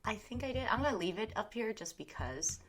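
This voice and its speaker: A woman's voice: mid-range voice, expressive, a little fast, slight background noise. A young woman from Southern California chatting casually on a livestream, reacting to her chat, saying "like" a lot and laughing often. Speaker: livestream host.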